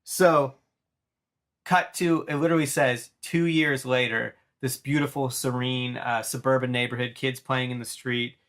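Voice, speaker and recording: A man in his thirties excitedly retelling a cartoon episode in casual chat, rambling with restarts. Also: mid-range voice, a little slow.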